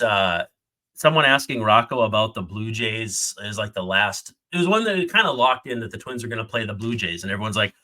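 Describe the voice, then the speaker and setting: A man co-hosting a sports podcast in casual chat, with a bright, forceful voice. He is joking and enthusiastic, running through details in a chatty way. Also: mid-range voice. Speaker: podcast co-host.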